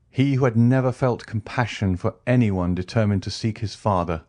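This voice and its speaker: Low-voiced man narrating an audiobook. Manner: steady, dramatic reading. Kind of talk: scripted narration.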